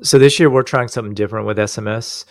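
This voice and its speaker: A man's voice: on the low side, steady tone, fast. A man co-hosting a casual business chat, asking curious follow-up questions. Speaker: online store owner and co-host.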